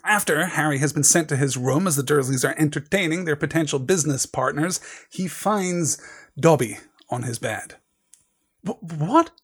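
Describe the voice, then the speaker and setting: Man, literature seminar host, husky and a touch high, thoughtful and digressive. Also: moderate pace. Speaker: seminar leader.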